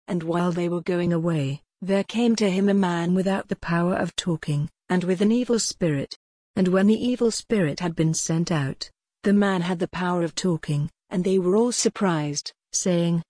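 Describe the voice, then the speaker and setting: A woman reads scripture aloud at a measured, even pace. Her voice sits a little low and sounds mellow. The recording is dry, with no room sound. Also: no echo. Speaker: scripture reader.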